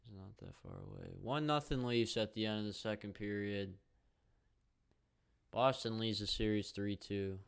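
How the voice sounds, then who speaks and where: Young guy podcasting solo, gravelly, swears a lot, rambles while watching hockey. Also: on the low side, big pitch swings, moderate pace. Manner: profane, rambling, jokey, reacts out loud to the game. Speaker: podcast host.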